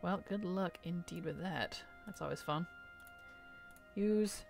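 A woman's voice: on the low side, slow pace, creaky, soft background music. A young adult woman live-streaming a game in casual chat, reading viewers' messages aloud, answering them and laughing often.

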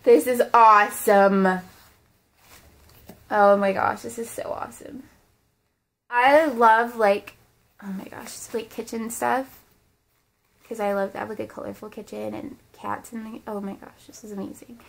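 A young woman with a Midwest American accent, chatting excitedly as she opens fan mail for her vlog and talks to her dolls. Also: a little high, a little slow, creaky, long pauses. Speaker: vlogger opening fan mail. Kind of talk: casual vlog unboxing.

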